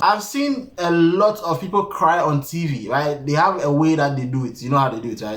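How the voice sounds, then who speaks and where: A man with a slightly high voice gives comedic commentary, mocking and exclaiming as he goes. He sounds like he is in an echoey room, with faint music underneath. His talk jumps between deadpan remarks and loud disbelief. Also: brisk, few pauses. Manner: mocking, exclaiming, mimics crying. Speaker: vlogger reacting to a reality show.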